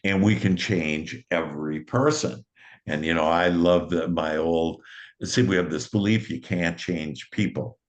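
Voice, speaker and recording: A man's voice: sits low, a little slow. A middle-aged man hosting a casual conversation, rambling through stories with many fillers and restarts. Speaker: host.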